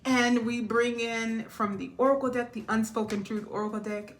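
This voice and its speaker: A woman's voice: a little high, fairly even intonation, normal speed, hardly any pauses. A woman giving a casual tarot reading in a chatty way, laughing often and drifting off topic. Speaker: tarot reader.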